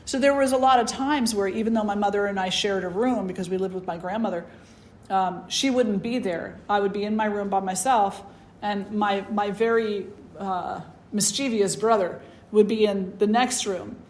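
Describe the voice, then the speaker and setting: A woman spiritual teacher telling a personal story in a conversational, animated way, full of "you know"s. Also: medium pitch, normal speed. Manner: conversational, animated, many fillers. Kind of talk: storytelling talk.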